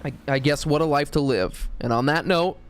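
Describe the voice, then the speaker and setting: A man's voice: a little high, moderate pace, a little hiss or hum. A man from the United States streaming live and rambling through a profane, joking story. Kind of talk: casual storytelling.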